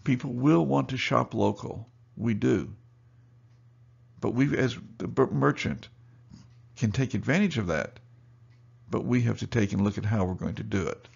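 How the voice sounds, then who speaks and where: A man's voice: mid-range voice, moderate pace, vocal fry, long pauses, darkish tone, slightly rough, dull audio. A male store owner giving a seminar talk, telling customer anecdotes and acting out both sides of the conversations. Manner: storytelling, acts out both sides of dialogue.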